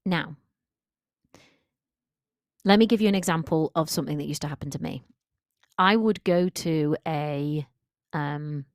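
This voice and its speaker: A woman with a low voice coaching listeners on a solo podcast. She talks in a direct, emphatic, conversational way. The sound is close and dry, with no room echo. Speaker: confidence coach.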